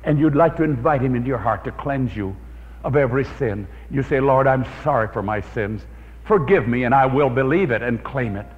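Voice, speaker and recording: A man preaching a sermon to an audience in a hall, telling stories in an animated way and praying aloud. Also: medium pitch, fairly quick. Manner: animated storyteller, prays aloud. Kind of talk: evangelistic sermon with storytelling. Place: church or meeting hall with an audience. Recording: dull old recording in a reverberant hall.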